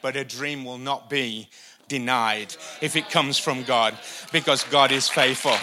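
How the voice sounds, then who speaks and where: A male pastor preaching a sermon, energetic and repetitive for emphasis. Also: medium pitch, measured pace, heavy background noise. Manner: energetic, repeats lines for emphasis, uses a helper for a live demonstration. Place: church stage before a congregation.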